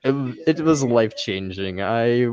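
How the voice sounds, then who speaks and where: Lively young man telling wild stories. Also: medium pitch, a little slow. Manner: animated storytelling, laughs often, swears freely. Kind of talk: casual chat. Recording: dull dry recording.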